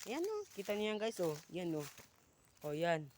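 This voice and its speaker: A teenage Filipino guy with a high voice talks into a phone as he walks around a park outdoors. His English is halting and apologetic, and he keeps falling back on his native Tagalog. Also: a little mellow. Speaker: student vlogger. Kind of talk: casual walking vlog, mixing English and Tagalog. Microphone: phone held while walking.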